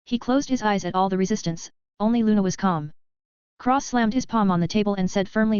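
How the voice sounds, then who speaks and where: Woman audiobook narrator, steady storytelling, very clear voice, dry lo-fi sound. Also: mid-range voice, fast, no room sound. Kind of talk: scripted narration. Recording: dry, slightly dull lo-fi recording.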